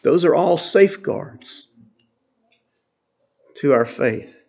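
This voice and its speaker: A man's voice: a little high, animated, takes it slowly, gravelly, a little mellow. A man preaching a sermon to his congregation, earnest and emphatic, often repeating key phrases for weight. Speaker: pastor.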